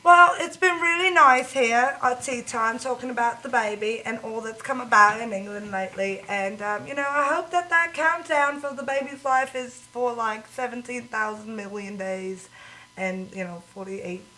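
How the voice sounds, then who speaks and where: A woman's voice: on the high side, fairly even intonation, normal speed, bright, forceful tone, rough recording. A woman playing a brash London lady who has gone New York rocker, rambling and self-mocking in a comedy sketch. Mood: breezy. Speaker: sketch character.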